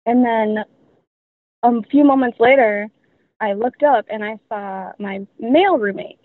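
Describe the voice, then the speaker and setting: A woman's voice: a little high, a little slow. Young female guest, casual rambling storyteller, tinny call audio. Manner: rambling, filler-heavy with many "like"s. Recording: tinny dry phone line.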